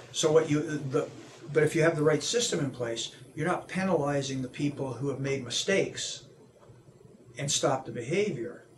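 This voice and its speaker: A man, an anti-bullying seminar speaker, being interviewed; he talks in an animated way, acts out the voices he quotes, and often restarts his sentences. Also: on the high side, a little hiss or hum.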